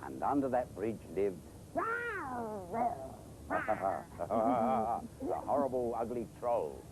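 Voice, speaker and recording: A man presenting children's TV, telling a story in a playful, animated way. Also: fairly low pitch, drawn-out words, noisy background.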